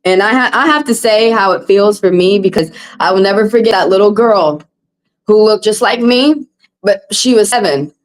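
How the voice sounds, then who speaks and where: A woman's voice: medium pitch, normal speed, rough recording. A woman tarot reader on a livestream, ranting in a heated, blunt and profane monologue.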